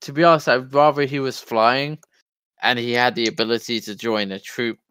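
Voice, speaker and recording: A man's voice: medium pitch, steady tone, moderate pace, pushed and bright, clean tone, dry recording. A man from New Jersey with a New Jersey accent, co-hosting a podcast in loose, casual chat full of "yo" and "like". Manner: loose and casual, says "yo" and "like", restarts. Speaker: podcast co-host.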